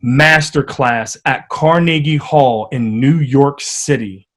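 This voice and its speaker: A man from the United States, a podcast guest telling stories in a lively, animated way during a casual interview. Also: medium pitch, takes it slowly. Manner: animated, vivid storyteller.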